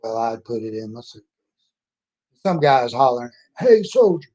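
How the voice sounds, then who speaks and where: A man's voice: medium pitch, fairly even intonation, brisk, darkish tone, dull audio. A man in his sixties telling his life story in a folksy, rambling, plainspoken way. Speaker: storyteller introducing himself. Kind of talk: casual personal storytelling.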